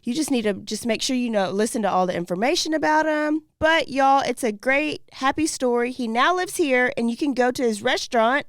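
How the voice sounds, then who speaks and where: A woman co-hosting a true-crime podcast, chatting casually, quick to laugh and quoting people with drama. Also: sits high, no echo, studio quality. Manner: animated, laughs often, quotes people dramatically. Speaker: podcast co-host.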